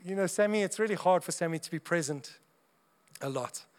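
A man's voice: sits high, brisk, darkish tone. A man and father preaching a sermon to a congregation, chatty and humorous, often acting out little dialogues as he goes. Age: adult parent of young children.

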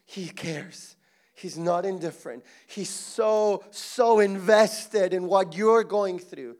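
A middle-aged Mexican pastor with a high voice preaches a sermon slowly. He moves between soft, intimate moments and loud, emphatic passages, and his voice grows hoarse.

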